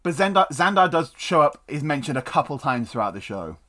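A man co-hosting a casual chat, joking and animated, with quick quips. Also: on the high side. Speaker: podcast co-host.

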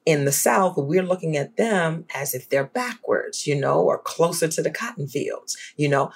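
A guest scholar from New Orleans with a New Orleans accent, talking in an animated, emphatic way in a podcast conversation. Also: normal speed, creaky. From New Orleans, USA. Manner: animated, emphatic, swings up high when excited.

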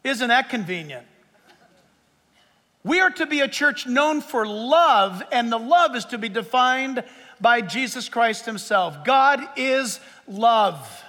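Male pastor, quite high and forceful, preaching with humor in a reverberant sanctuary. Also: unhurried. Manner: lively, joking preacher who lists numbered points. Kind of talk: sermon. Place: church sanctuary with a live audience.

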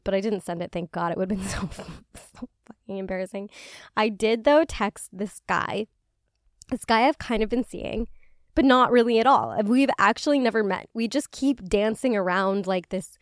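A woman's voice: mid-range voice, moderate pace, dry recording, studio quality. A woman hosting a casual solo podcast, chatty and swearing freely, with lots of "like". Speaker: podcast host.

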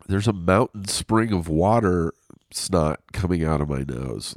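A man's voice: deep voice, expressive, measured pace, no room sound, clean studio sound. A man hosting a casual solo podcast, stuffy from a cold, rambling and swearing as he talks from his couch. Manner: rambling, profane, self-deprecating. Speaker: podcast host. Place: lying on his couch at home.

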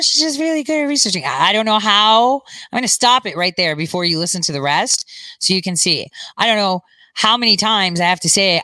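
A woman with a lowish, bright and forceful voice talks straight into a dry, close microphone. Her manner is casual but insistent, as she breaks into news clips to add her own conspiratorial commentary. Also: no room sound.

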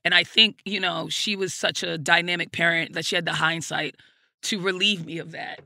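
Woman, gravelly, bright edge, frank storytelling, dry close sound. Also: on the low side, fairly even intonation, moderate pace, no room sound. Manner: reflective, frank, peppered with "like" and "you know"; swears casually. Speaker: guest comedian. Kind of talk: candid personal storytelling in an interview.

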